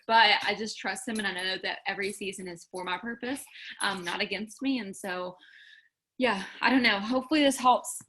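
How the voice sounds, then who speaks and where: A woman's voice: medium pitch, sharp tone. Earnest woman. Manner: candid, earnest, exhorting, with many fillers. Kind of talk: casual faith pep talk to followers.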